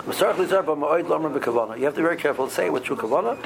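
Halting man teaching. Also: fairly high pitch, expressive, vocal fry, background noise. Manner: halting, many ums and restarts, mixes Hebrew and Aramaic terms. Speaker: Torah teacher. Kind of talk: halacha class explaining Jewish law.

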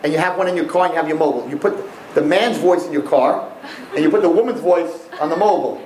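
A man giving a humorous Torah lecture, animated and checking in with listeners with a frequent "right?". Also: on the high side, fast, reverberant, slight background noise, rough recording. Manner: animated, repeats "right?" to the audience. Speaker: religious teacher.

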